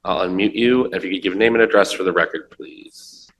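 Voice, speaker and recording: A man chairing a public meeting, briskly calling on the next speakers. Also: deep voice, a bit bright, slight background noise, rough recording. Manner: brisk, procedural.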